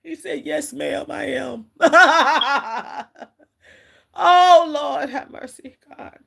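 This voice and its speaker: On a livestream, a middle-aged spiritual reader delivers an emotional, halting message, frequently addressing her viewers as "collective." Her voice is high-pitched and creaky.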